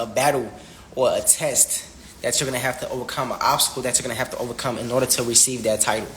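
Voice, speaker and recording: A man's voice: mid-range voice, fairly bright tone, slight background noise, rough recording. A young man in a casual spiritual rant, preachy and repetitive, full of slang and asking "you feel me?". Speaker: vlogger.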